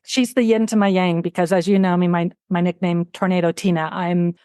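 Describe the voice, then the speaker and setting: A woman hosting a podcast interview, telling stories in quick run-on bursts and acting out what others said. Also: fairly low pitch, clear, resonant tone, no echo, studio quality. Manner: animated storyteller who acts out quotes; fast, run-on talk with restarts. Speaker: podcast host. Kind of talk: casual interview chat.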